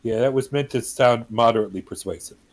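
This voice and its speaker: A man at a tabletop game who chats casually, jokes, and explains his character's moves. His voice is mid-pitched. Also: fast, slight background noise. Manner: joking, chatty. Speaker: player.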